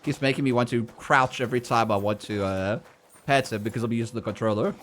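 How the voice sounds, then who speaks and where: A man streaming a game with casual commentary, reacting loudly and laughing while chatting with viewers. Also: mid-range voice, fast, a little hiss or hum.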